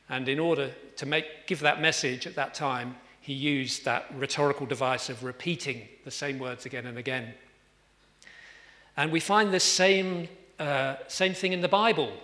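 A man's voice: on the high side, fairly bright tone, big-room sound. A man preaching a sermon, conversational with fillers and restarts, emphatic when reading scripture aloud.

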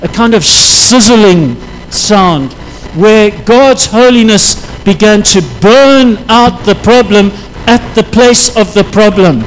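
High-pitched male preacher, impassioned sermon delivery, faint traffic noise underneath. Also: slow pace, rough recording. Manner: impassioned, rises into loud prayerful pleas.

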